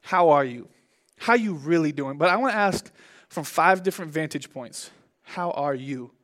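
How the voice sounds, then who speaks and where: A young man preaching a sermon as pastor, in an animated, conversational way with big swings in his voice. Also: a little high, moderate pace.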